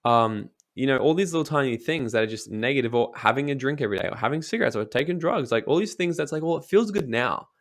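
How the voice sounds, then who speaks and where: This young interview guest is a fast talker who barely pauses, his medium-pitched voice full of lively intonation. He hands out forceful motivational advice, curses offhandedly, and performs the voices he quotes.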